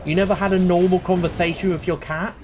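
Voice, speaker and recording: A man's voice: high voice, little pitch movement, fast talker, darkish tone, soft background music. A man chatting, teasing and swearing playfully during a live game stream. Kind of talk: casual live-stream chat.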